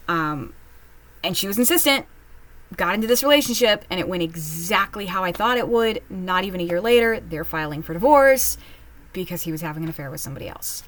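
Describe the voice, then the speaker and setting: A woman giving casual reaction commentary while reading online posts at home, chatty and candid, with quick asides. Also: on the low side, expressive, a bit bright. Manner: chatty, candid, quips and mimics others in asides. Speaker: online post reader and commentator.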